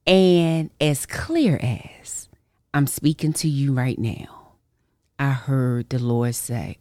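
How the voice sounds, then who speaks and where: A woman hosting a podcast and sharing a personal faith testimony in casual, colloquial speech, animated as she acts out her own reactions. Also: rumbling low, takes it slowly, no room sound, clean studio sound. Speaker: podcast host.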